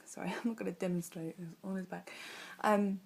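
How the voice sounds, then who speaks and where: A woman's voice: medium pitch, fairly even intonation, fairly quick, gravelly, darkish tone. Chatty young woman telling a story. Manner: chatty and rambling, full of "like" and "um". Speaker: vlogger. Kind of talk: casual storytelling.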